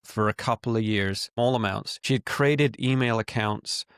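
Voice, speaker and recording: A man's voice: lowish voice, normal speed, fairly bright tone, clear, resonant tone, no room sound, clean studio sound. A middle-aged man and podcast co-host, candidly retelling a business story with quoted dialogue in a casual chat.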